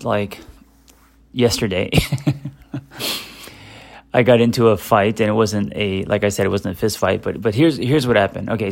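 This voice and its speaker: A man's voice: lowish voice, vocal fry. A middle-aged man, a therapist, musing candidly in a casual self-help monologue, hesitant with many fillers and restarts. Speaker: therapist and podcast host.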